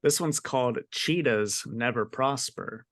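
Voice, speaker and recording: A man's voice: mid-range voice, unhurried, fairly bright tone, no room sound, studio quality. A man co-hosting a podcast, chatting casually in an easygoing, rambling way and laughing often. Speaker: podcast co-host and game master. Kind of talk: casual chat.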